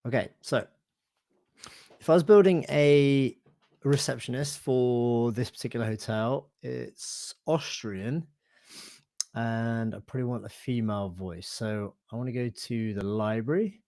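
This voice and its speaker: A man presenting a live online software demo, thinking aloud in a relaxed, hesitant way with fillers and self-corrections. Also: mid-range voice, a little slow, no room sound. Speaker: webinar presenter.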